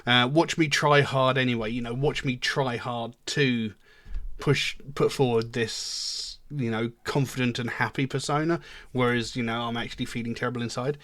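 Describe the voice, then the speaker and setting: A man's voice: medium pitch, steady tone, normal speed, a bit bright, no echo. A man giving casual spoken commentary on a song, earnest and emphatic, rambling at times and swearing bluntly. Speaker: music reaction video host.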